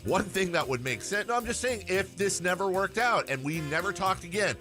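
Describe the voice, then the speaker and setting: A man in his forties hosting a sports radio show, telling an animated story about his daughter in quick bursts. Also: high voice, over music. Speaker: radio host.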